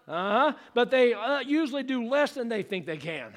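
A male pastor preaching a fervent sermon to his church. He calls for congregational responses and rises into shouted exclamations. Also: very high-pitched, animated, moderate pace. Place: church sanctuary.

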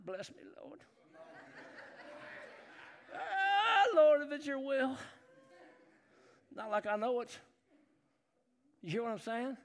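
Brief: middle-aged pastor, high-pitched, folksy sermon delivery that rises to shouts. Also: male voice. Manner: folksy, swings from low talk to loud shouting.

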